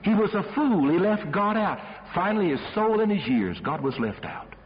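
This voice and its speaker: Brief: dramatic male preacher, high animated voice, reverberant hall. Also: moderate pace. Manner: dramatic, emphatic storytelling. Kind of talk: sermon storytelling. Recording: dull sermon recording with long hall reverb.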